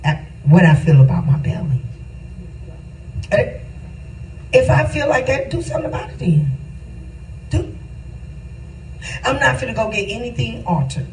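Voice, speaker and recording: A woman's voice: fairly high pitch, very animated, unhurried, pauses often, darkish tone, reverberant, recorded from a distance, slight background noise, low-quality recording. A woman pastor giving a casual spiritual testimony with an emphatic, repetitive, preacherly cadence.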